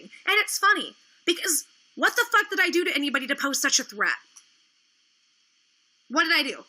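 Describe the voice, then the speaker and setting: A woman's voice: very high voice, lively intonation, a little fast, bright, forceful tone. A woman hosting a livestream, talking in an indignant, sarcastic and profane rant, sounding worn out. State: tired, low energy. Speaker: livestream host. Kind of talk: ranting livestream talk.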